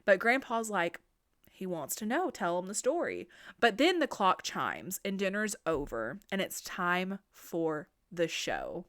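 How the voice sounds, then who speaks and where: A woman podcast host giving a casual, animated, profane recap of a horror movie. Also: lowish voice, measured pace.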